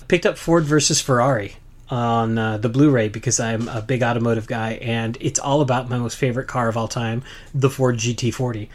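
A man's voice: medium pitch, fairly even intonation, a little fast. Chatty, enthusiastic male co-host. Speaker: podcast co-host. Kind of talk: casual chat.

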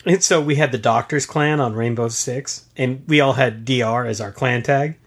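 A man co-hosting a podcast in casual chat, quick with jokes and laughing often. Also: medium pitch, slightly rough. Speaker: podcast co-host.

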